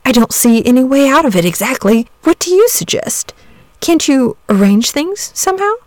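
A woman's voice: high-pitched, expressive, normal speed, no echo, pitched above the performer's own voice. A woman doing a courtly, gallant knight. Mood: perplexed. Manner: formal, old-fashioned courtly phrasing. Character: gallant, good-natured knight saint, courtly and grave. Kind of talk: storybook reading.

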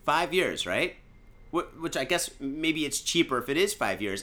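A Michigan podcast host day drinks while rambling casually, cursing a lot, joking loosely, and using lots of fillers. His fairly high voice is sing-song and sharp, at a moderate pace.

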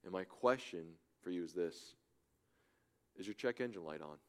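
A man preaching a sermon as a church pastor, swinging between loud urgent appeals and hushed, soft pleas. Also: low-pitched, lively intonation, moderate pace. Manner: impassioned, swings from loud urging to hushed softness. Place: church in Germany.

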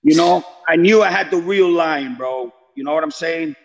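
A man's voice: a little high, moderate pace, creaky, in a large hall, muffled recording. A man who trains a boxer, speaking brashly and confidently in a casual interview, swearing and calling the host "bro.". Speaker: boxing trainer and father of a fighter.

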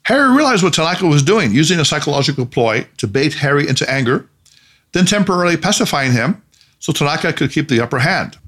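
Male narrator for a storybook, lively pitch, measured delivery.

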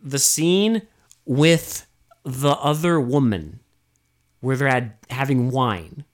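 A man's voice: mid-range voice, lively intonation, slow. A man co-hosting a casual movie review podcast, exasperated and rambling, with frequent swearing. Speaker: podcast co-host.

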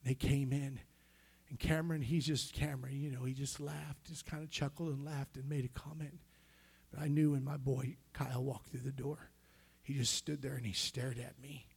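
A middle-aged male pastor telling a personal story in a sermon, swinging between hushed near-whispers and loud emotional peaks. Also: mid-range voice, flat delivery, moderate pace, vocal fry, husky.

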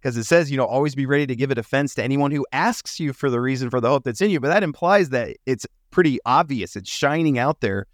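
An earnest man guests on a faith podcast and talks through personal stories in a relaxed, conversational way. His voice sits at a middle pitch, recorded close and dry, and he slips into quoted voices as he tells his stories. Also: quick pace, few pauses, dry recording. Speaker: entrepreneur guest.

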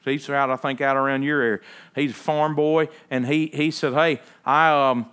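A man's voice: mid-range voice, steady tone, normal speed, fairly bright tone, smooth. A man, a pastor, giving a conversational sermon that moves from storytelling into emphatic preaching.

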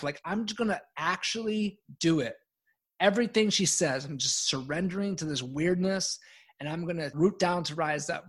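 A middle-aged man, a guest on a podcast, telling a personal story in an animated, self-mocking way and laughing often. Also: medium pitch. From United States.

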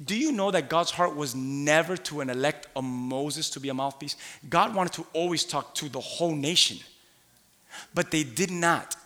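A man preaching a sermon in a church, animated, laughing, and rising to shouts. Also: fairly high pitch, moderate pace. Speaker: pastor. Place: church sanctuary. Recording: long hall reverb.

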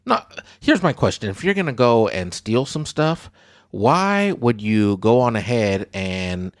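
Animated man in his forties hosting. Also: mid-range voice, a little slow, no echo, studio quality. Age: 40s. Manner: animated, exclaiming, addressing viewers as guys. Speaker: show host. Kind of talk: casual news-story banter.

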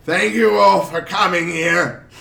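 A man's voice: sits high, fairly even intonation, unhurried, vocal fry, bright, forceful tone, pitched above the performer's own voice, heavily acted. A man voicing a pompous, cigar-smoking duke who speaks in a placating, grand manner. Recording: roomy echo.

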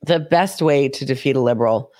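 A woman hosting a podcast in casual, sarcastic chat, hoarse from a cold. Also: very deep voice, a little fast, no room sound, clean studio sound. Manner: sarcastic, lively. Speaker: podcast host.

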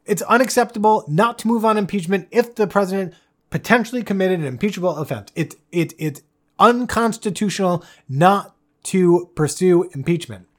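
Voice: mid-range voice, lively intonation, normal speed. Heated, indignant podcast host ranting. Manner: heated, indignant, swears, many restarts. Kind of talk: solo political commentary rant.

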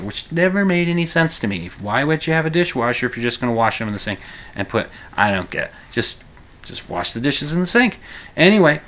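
A man hosting a podcast, retelling a story in a casual, rambling way, correcting himself and chuckling as he goes. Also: sharp tone. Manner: rambling, self-correcting, chuckles while recounting; acts out quoted lines in a higher voice. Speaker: podcast host.

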